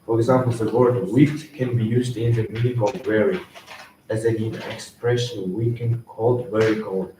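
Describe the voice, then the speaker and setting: Young man, school presentation, halting restarts, flat delivery, distant mic, echoey room, noisy. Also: lowish voice. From Kazakhstan. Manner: reads from slides, halting, with frequent restarts. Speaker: student presenter.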